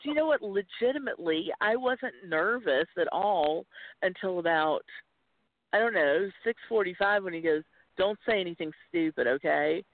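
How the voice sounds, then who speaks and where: A Southern-accented woman in her forties from North Carolina, a wrestling commentator, chats and laughs as a guest on a casual podcast. Her medium-pitched voice is expressive at a normal speed. The recording is dry, with tinny phone-line audio.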